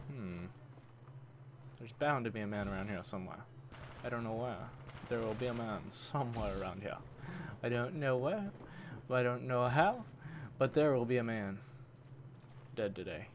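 A man giving casual commentary while playing a shooter on his computer, grumbling and swapping swear words for milder ones, his voice worn from recording too long. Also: medium pitch. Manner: grumbling, swaps swears for mild words, talks to enemies. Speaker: gaming channel host. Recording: game gunfire noise behind voice.

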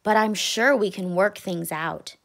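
Woman reading a gentle mother raccoon. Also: mid-range voice, a little slow, lightly acted. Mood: reassuring. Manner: gentle and reassuring.

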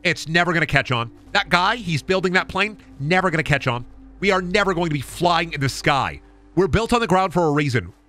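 A man's voice: a little high, lively intonation, a little fast, bright, forceful tone. A man playing a cranky old-timey male naysayer who rants emphatically against new inventions. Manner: grumbling, emphatic ranting.

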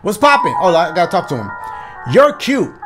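A man with a notably high voice riffs through a let's play with loud, profane, excitable banter. He talks in quick slang and reacts to everything out loud. Faint background music plays under his commentary. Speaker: gaming YouTuber.

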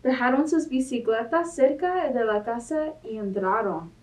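A woman's voice: a little high, lively intonation, normal speed, background noise. Woman reading a storybook aloud. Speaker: library storytime reader. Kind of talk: reading a picture book aloud to children. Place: library. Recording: mic at a distance.

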